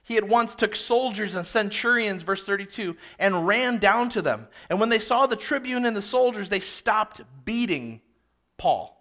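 A man preaching an expository sermon, reading scripture aloud and then explaining it with animated, dramatic emphasis. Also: sits high, normal speed. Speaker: pastor.

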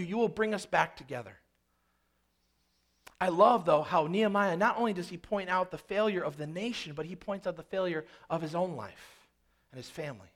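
A male pastor with a notably high voice delivers an earnest sermon. He drops to hushed, slow phrases and then surges louder and faster as he acts out prayers. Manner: earnest preaching with dramatic dynamic swings, quieting low then rising loud.

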